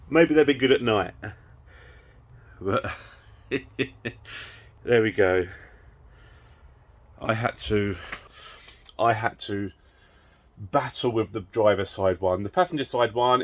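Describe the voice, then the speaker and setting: Man, casual car repair vlog, chatty, frustrated, swears, laughs at himself, under the car, camera close up. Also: on the low side. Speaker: car modding vlogger. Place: garage, working under a car. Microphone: camera close to his face under the car.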